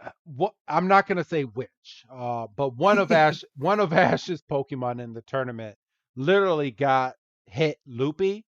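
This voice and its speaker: A man's voice: a little high, lively intonation, normal speed, dry recording, muffled recording. A man co-hosting a podcast, chatting casually and animatedly, recapping a cartoon with frequent laughs and apologetic asides. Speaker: podcast co-host.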